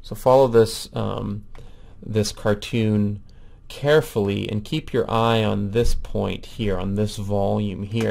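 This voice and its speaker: Gravelly low-voiced man lecturing. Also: darkish tone. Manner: explanatory, with frequent ums and self-corrections. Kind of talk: recorded medical lecture.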